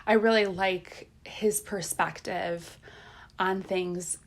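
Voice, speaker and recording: A woman co-hosting a podcast who speaks in a reflective, halting way with many fillers. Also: medium pitch, steady tone. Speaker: podcast co-host. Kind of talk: casual chat.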